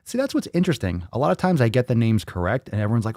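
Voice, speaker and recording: A man's voice: mid-range voice, very animated, racing, dark tone, no echo, studio quality. A man hosting a fitness live stream in casual chat, rambling and joking, with a lot of swearing. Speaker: fitness livestream host.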